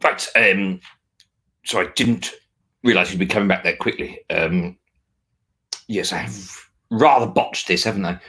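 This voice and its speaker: A man's voice: low-pitched, unhurried, pauses often, bright, forceful tone, rough recording. A man hosting a comic online auction, bumbling and hesitant with many fillers but playful. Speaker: comedy auctioneer host.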